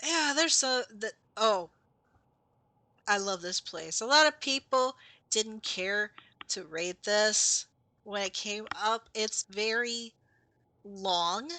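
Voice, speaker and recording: A woman's voice: mid-range voice, bright, forceful tone, dry recording. A woman streamer giving casual, chatty commentary while she plays, explaining game lore and laughing at her own mistakes.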